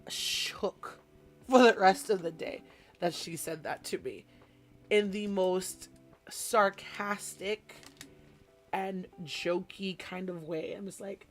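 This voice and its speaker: A young woman who teaches small children, chatting casually and telling an animated story while she does a craft on a live stream. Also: medium pitch, takes it slowly. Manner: animated storytelling, mimics voices, chatty asides. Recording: soft background music.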